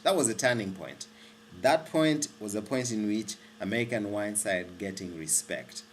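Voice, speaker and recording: A man from Kenya talks about wine in a loose, rambling way. He trips over and restarts his sentences and gets excited as he goes. His voice sits at an ordinary middle pitch for a man. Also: a little hiss or hum. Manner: rambling, with frequent restarts and self-corrections; animated and excitable. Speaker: wine vlogger. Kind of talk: casual explanatory monologue.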